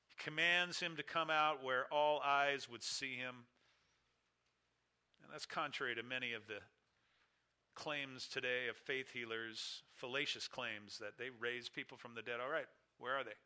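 A man preaching a sermon, emphatic, with big swings in loudness and pitch. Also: smooth. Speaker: pastor.

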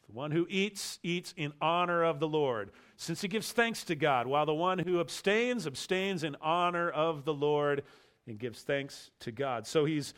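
A man preaching an expository sermon, emphatic, repeating key phrases and slowing down to stress them. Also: on the high side, lively intonation, a bit bright. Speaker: pastor.

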